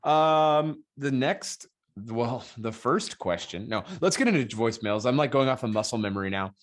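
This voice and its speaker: A man's voice: medium pitch, expressive, moderate pace. A man hosting a podcast, leading the chat into listener questions with a loose, joking delivery. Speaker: podcast host. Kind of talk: casual chat.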